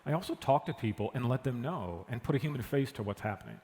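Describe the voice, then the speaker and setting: Male interview guest, mid-range voice, animated storyteller, roomy reverberant sound. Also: mid-range voice, fast talker. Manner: animated retelling, acts out what others said. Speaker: guest, engineering director. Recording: long hall reverb.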